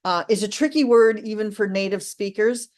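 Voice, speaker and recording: A woman teaching an online English lesson, slow and deliberate, encouraging her students. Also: medium pitch, a little mellow. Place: live online class.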